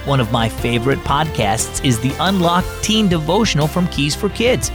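A man's voice: on the high side, normal speed, music in the background. A man hosting a children's devotional program, reading scripted narration and asking the listener friendly questions.

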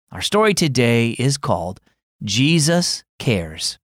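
A man hosting a children's devotional program, narrating a story in a gentle, scripted storytelling manner. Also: mid-range voice, lively intonation, unhurried, no room sound, studio quality. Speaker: host and storyteller.

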